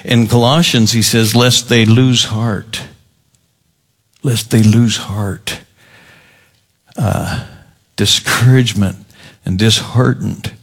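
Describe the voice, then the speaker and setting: A man preaching a sermon as pastor, deliberate and emphatic, often repeating key words. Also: fairly low pitch.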